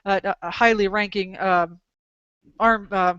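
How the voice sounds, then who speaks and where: A woman hosting a dog training talk show, telling long animated stories with exclamations and restarts. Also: mid-range voice, slow pace, smooth, no echo, lo-fi sound. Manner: animated, rambling anecdotes with exclamations. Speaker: podcast host, dog trainer. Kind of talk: casual storytelling chat.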